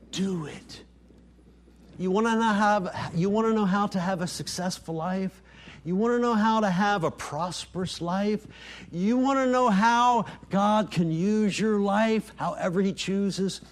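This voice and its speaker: A man preaching a sermon as pastor, acting out quoted dialogue and sinking to soft, hushed lines for emphasis. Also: a little slow. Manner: preaching, dropping to soft near-whispers on key lines; voices quoted dialogue with rising pitch.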